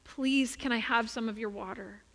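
A woman's voice: fairly high pitch, fairly even intonation, moderate pace, a bit bright. A woman voicing a thirsty, desperate man by the roadside who pleads faintly for water. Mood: pleading. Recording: reverberant hall.

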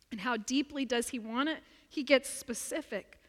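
High-voiced woman pastor preaching. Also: moderate pace, hardly any pauses, soft background music. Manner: earnest, emphatic preaching with repetition. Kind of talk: sermon. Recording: long reverb of a large room.

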